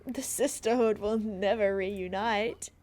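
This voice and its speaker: A woman's voice: medium pitch, fairly even intonation, slow, a little mellow, close to an everyday voice. A woman voicing a scornful young villainess in a game, gloating and sneering as she speaks. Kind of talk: reading game dialogue aloud.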